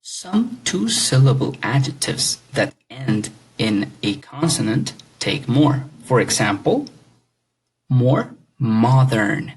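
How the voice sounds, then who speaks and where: A man's voice: medium pitch, vocal fry, breathy edge, low-quality recording. A man teaching an English grammar lesson, explaining patiently and checking understanding with questions.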